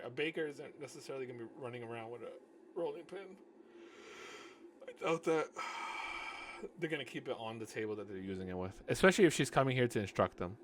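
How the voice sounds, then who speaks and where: A man reads a book aloud in a casual, unpolished way, stopping often for sarcastic commentary. His voice is mid-pitched and ordinary. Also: a little hiss or hum. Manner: sarcastic asides, frequent restarts. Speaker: audiobook reader and commentator.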